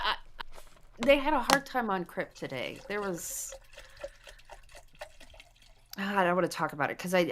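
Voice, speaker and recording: A woman's voice: on the low side, a bit bright, slight background noise. A woman co-hosting a livestream, speaking casually and hesitantly, stammering and restarting.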